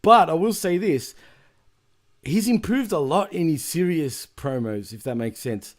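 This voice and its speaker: A man's voice: on the high side, lively intonation, a little slow. Chatty man hosting a podcast. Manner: chatty, laughs often, rambling asides. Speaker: podcast host. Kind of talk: casual podcast chat.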